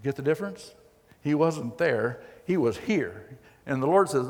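A man preaching a sermon as pastor, telling the story in a folksy, animated way with acted quotes. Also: mid-range voice, a little slow. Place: church hall. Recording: long hall reverb.

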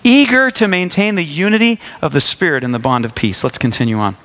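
A man's voice: high voice, expressive, brisk, few pauses, fairly bright tone. A man in his forties preaching a sermon in a conversational, storytelling way, with jokes, asides and frequent restarts. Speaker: pastor.

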